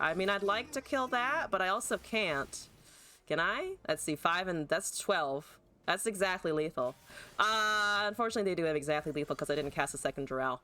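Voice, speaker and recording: A woman's voice: sits low, sharp tone. A woman streaming a card game live, talking through her plays, swearing and venting at her opponent with frequent laughs. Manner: salty, profane, exasperated outbursts at opponent; chatty, laughs often.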